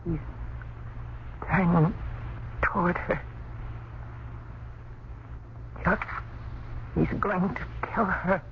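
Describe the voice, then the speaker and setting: A woman's voice: lowish voice, fairly even intonation, slow pace. An actress playing a terrified young mother in an old radio drama, pleading in breathless fear. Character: terrified young mother shielding her little son. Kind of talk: 1930s radio drama acting. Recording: noisy muffled old radio recording.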